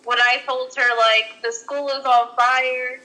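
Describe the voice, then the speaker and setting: Taking it slowly, a young adult woman co-host speaks in a high, sharp voice with little pitch movement on a rough podcast recording. She rambles casually through a story, peppered with "like" and restarts.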